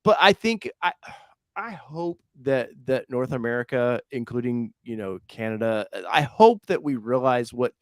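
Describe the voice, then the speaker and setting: A man of ordinary pitch co-hosting a casual car livestream. He rambles, jokes and corrects himself mid-sentence. His voice sounds very dry, close to the mic with no room sound. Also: lively intonation, measured pace, no room sound. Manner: rambling, self-correcting, jokey. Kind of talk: casual live chat.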